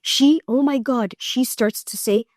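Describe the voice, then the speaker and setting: A middle-aged woman, a guest on an interview show, telling her story in an earnest, animated way and acting out other people's voices. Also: fairly high pitch, unhurried, no echo, studio quality. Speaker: guest, cancer survivor.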